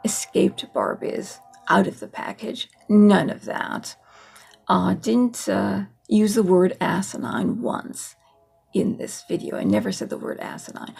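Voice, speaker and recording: A woman's voice: mid-range voice, creaky, a little mellow, husky. A woman vlogger giving a casual, sarcastic political monologue, laughing at her own points.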